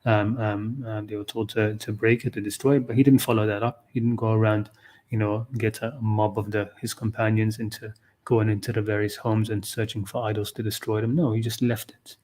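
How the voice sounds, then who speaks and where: A man's voice: fairly low pitch, level tone, a little fast, darkish tone. A man giving an unscripted livestream talk on a scripture verse, thinking aloud with frequent restarts and "okay, you know". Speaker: Qur'an teacher.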